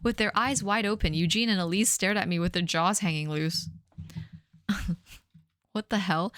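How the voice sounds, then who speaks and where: A woman's voice: mid-range voice, normal speed, a bit bright, no echo. A woman in her thirties reading her teenage fanfic aloud on a live stream, often breaking off to laugh and comment. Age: 30s. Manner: laughing at her own writing, mock-dramatic asides.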